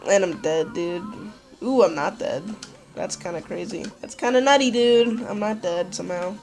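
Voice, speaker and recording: A woman's voice: fairly low pitch, normal speed, a little mellow, soft background music. A woman hosting a let's play, talking casually and profanely with lots of "like" and "dude". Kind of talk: gameplay commentary.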